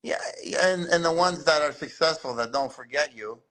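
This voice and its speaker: A man's voice: on the high side, normal speed. A middle-aged man, a guest in a casual interview, telling stories animatedly and acting out the people he quotes. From Cleveland. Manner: animated storyteller, acts out the people he quotes, laughs often. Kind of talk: casual storytelling chat.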